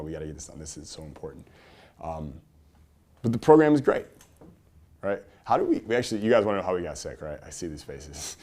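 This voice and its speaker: This energetic seminar speaker, a man with a fairly low pitch, talks to a live audience. He fires rhetorical questions and alternates between forceful, loud emphasis and quiet asides.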